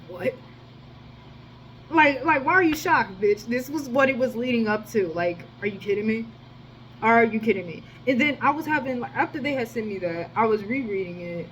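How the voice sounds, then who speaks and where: A woman's voice: mid-range voice, slight background noise, poor audio. A young woman telling a storytime vlog in a rambling, profane way, full of fillers. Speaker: storytime vlogger. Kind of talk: casual storytelling.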